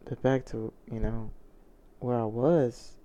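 A man's voice: mid-range voice, steady tone, slow, mellow. A man telling a personal story in a confessional vlog, earnest and reflective, often restarting his sentences. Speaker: vlogger.

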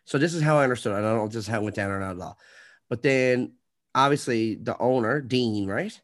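A man's voice: mid-range voice, quick pace. A man hosting a podcast, ranting in a heated, profane way during a casual chat. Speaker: podcast host.

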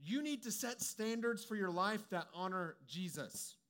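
A man's voice: high voice, animated, measured pace, fairly bright tone. A young adult man giving a conversational, humorous sermon as a preacher, mixing personal stories with direct advice.

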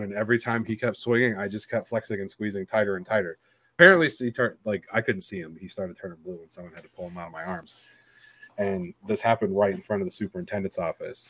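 A man's voice: on the low side, a bit bright. A man telling a story in a casual podcast chat, blunt and profane, acting out the lines of everyone in it. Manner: acts out quoted dialogue. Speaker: podcast guest.

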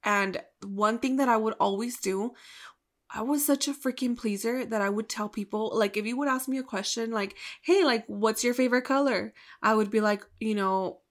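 A young woman co-hosting a podcast who asks questions in a relaxed, casual way. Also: fairly high pitch, normal speed. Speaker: podcast co-host. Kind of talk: casual chat.

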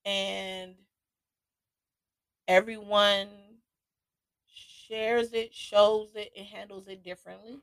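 Woman podcast host, mid-pitch, slow and reflective, dry sound. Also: little pitch movement, fairly bright tone, no room sound. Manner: slow, reflective, with restarts and laughter. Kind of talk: casual solo podcast talk.

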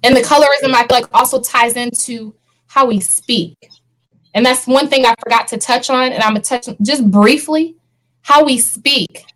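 A woman with a high-pitched voice leads a casual panel talk. She speaks earnestly and animatedly, with frequent laughter. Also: moderate pace, a bit bright, low-quality recording. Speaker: podcast co-host.

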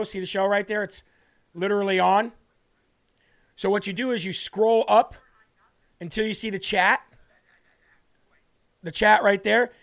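A man with a raspy voice hosting a show, talking casually and rambling to his viewers. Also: high-pitched, a bit bright. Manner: rambling, conversational, addresses viewers as folks. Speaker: host. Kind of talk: casual livestream talk.

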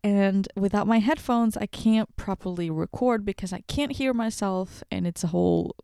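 A woman's voice: medium pitch, moderate pace, gravelly, warm tone, clean tone, no room sound, studio quality. A woman hosting a casual solo podcast, rambling and giggling with self-deprecating jokes, wired on late-night coffee. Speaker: podcast host. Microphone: podcast microphone.

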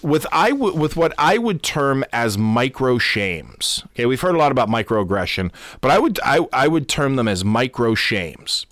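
A man's voice: medium pitch, a bit bright, no echo, clean studio sound. A man who is a Lutheran pastor hosting a podcast, giving an unscripted teaching talk that often repeats and corrects itself and checks in with "okay?". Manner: repetitive, self-correcting, asks "okay?" often.

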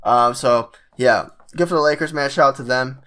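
A man with a bright, forceful voice rants casually about his basketball team. He rambles through filler words and slang, swears freely, and keeps climbing into loud, exasperated outbursts. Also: mid-range voice, normal speed. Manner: rambling and profane, gets worked up and loud. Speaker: sports fan vlogger. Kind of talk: casual basketball fan rant.

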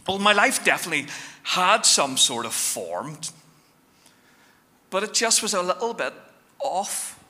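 A man preaching a sermon as pastor, telling stories with lively shifts between quick bursts and slow, weighty phrases. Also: high-pitched. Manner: animated storytelling, shifting fast and slow. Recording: long hall reverb.

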